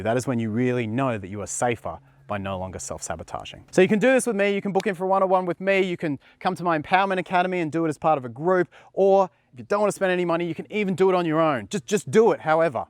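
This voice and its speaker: A man's voice: on the high side, expressive, fast talker. A man working as a dating coach, talking straight to the viewer in an earnest, emphatic way and repeating words when he stresses a point. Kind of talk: direct-to-camera coaching talk.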